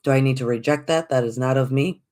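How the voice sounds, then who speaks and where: A podcast host giving a reflective spiritual talk, gentle and encouraging, repeating phrases, asking rhetorical questions and calling listeners folks. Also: medium pitch, fast talker.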